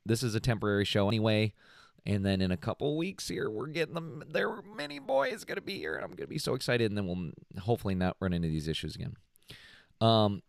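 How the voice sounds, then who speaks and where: A man's voice: medium pitch, smooth, no echo, clean studio sound. A man co-hosting a comedy podcast, chatting casually and reading a post aloud, joking and laughing often. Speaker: podcast co-host.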